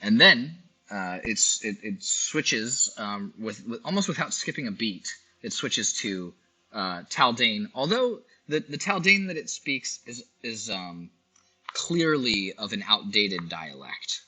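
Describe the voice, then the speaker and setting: A man narrating as game master of a tabletop game, halting with many restarts. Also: on the low side, big pitch swings, pushed and bright, husky, low-quality recording.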